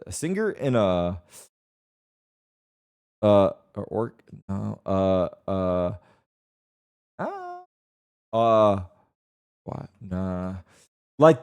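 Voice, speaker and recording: A man's voice: lowish voice, clean tone. A young man streaming live, bantering with his chat in a loose, defensive way and swearing freely.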